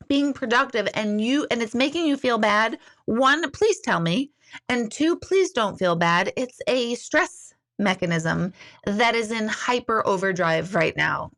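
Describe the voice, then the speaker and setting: A woman's voice: medium pitch, fairly bright tone. Chatty tipsy woman livestreaming. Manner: chatty, candid, swears casually. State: slightly tipsy after two glasses of wine. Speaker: livestream host. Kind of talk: casual live-stream chat.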